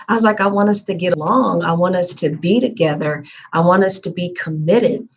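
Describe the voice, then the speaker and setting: A woman's voice: on the low side, fairly quick, few pauses, slight background noise. A woman giving a tarot reading in a casual, chatty live-stream manner with lots of fillers. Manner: chatty, conversational, frequent fillers. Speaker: tarot reader.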